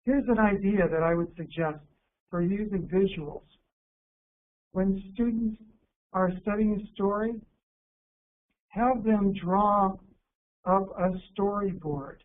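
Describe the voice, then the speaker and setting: A teacher educator from the United States presents an instructional workshop to teachers in a high-sitting voice. He is calm and deliberate, slowing down to stress key words. The recording sounds narrow and phone-like, with a faint hiss.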